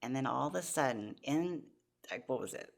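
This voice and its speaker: A woman's voice: extremely low pitch, animated, moderate pace, vocal fry. A woman in her forties, a podcast guest, earnestly telling her personal testimony with many restarts.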